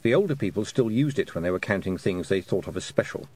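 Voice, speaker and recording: A man narrating an audiobook in an expressive storytelling manner. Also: deep voice, fast. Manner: expressive storytelling, voicing the characters. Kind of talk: scripted narration.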